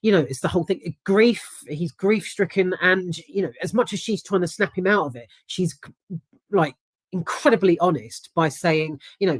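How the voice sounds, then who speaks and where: A woman's voice: fairly low pitch, normal speed, no echo. A woman giving a casual, rambling spoken film review, emphatic and swearing freely.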